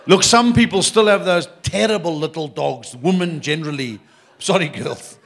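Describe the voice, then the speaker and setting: A South African man works a live comedy crowd with a fairly high voice. He talks in short punchy lines and slips in quick asides to the audience. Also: a bit bright. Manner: punchy, conspiratorial asides to the crowd, mock accents. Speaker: stand-up comedian.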